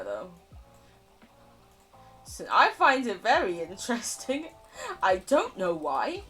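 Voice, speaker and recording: A woman's voice: medium pitch, a bit bright. A woman streaming a game, chatting in a rambling, self-mocking way, laughing often and swearing casually. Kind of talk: casual live-stream chatter while playing.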